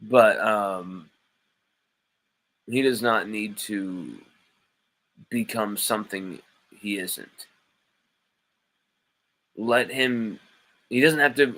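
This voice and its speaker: A man's voice: on the low side, extremely slow, long pauses, fairly bright tone, poor audio. A man hosting a live sports stream, reading chat comments aloud and arguing back with playful mock indignation.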